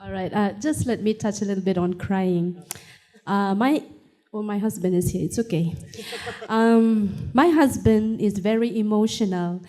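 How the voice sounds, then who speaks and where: A woman on a discussion panel speaks in a slow, unhurried voice. Her tone is gentle and mellow as she tells a family story. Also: medium pitch. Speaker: panelist, wife and mother.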